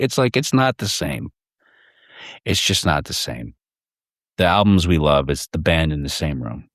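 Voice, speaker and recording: A man's voice: a bass voice, lively intonation, a little slow, no echo, clean studio sound. A man talking as a podcast guest in a loose, rambling, profane casual chat, recorded in person on a handheld recorder. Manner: rambling, profane, many restarts. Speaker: podcast guest, fellow podcast host. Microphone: handheld portable recorder.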